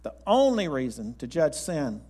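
A man with a slightly raised pitch delivers a sermon. He tells stories in a folksy, rambling way, often restarting his sentences. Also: very animated, a little slow, warm tone. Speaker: pastor. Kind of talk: sermon with storytelling.

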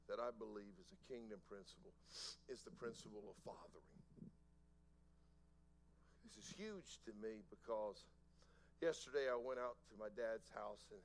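A middle-aged man preaching a sermon, telling a personal story softly and then building to loud, slow emphatic preaching. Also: lowish voice, creaky, poor audio. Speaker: pastor.

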